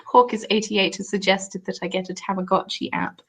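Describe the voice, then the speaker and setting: A woman's voice: medium pitch, a bit bright, breathy edge. A young woman in her twenties, a craft YouTuber, chatting on a live stream at home and answering comments as they come in. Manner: chatty, rambling, reads out and answers chat comments.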